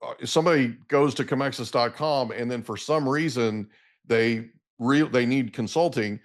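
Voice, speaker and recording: A middle-aged man hosts a podcast at a mid-range pitch. He sounds eager and keeps affirming what his guest says in easy conversation. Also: normal speed. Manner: enthusiastic, affirming interviewer. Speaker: podcast host. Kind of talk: casual interview chat.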